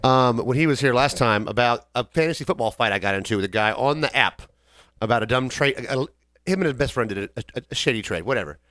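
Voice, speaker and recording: A man's voice: mid-range voice, expressive, fast, fairly bright tone, dry recording, studio quality. A man co-hosting a podcast, telling a long rambling story in casual chat with quoted voices. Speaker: podcast co-host.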